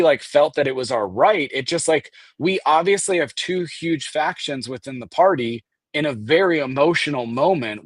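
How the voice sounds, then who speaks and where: A man as a guest, telling a story in casual talk, animated and swearing, acting out the people he quotes. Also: mid-range voice, no room sound. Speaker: guest recounting an event.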